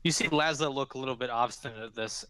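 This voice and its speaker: A man's voice: mid-range voice, fast talker, pushed and bright, clean tone, no room sound. Rambling male game master, dry. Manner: rambling, full of fillers. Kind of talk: narrating a tabletop game.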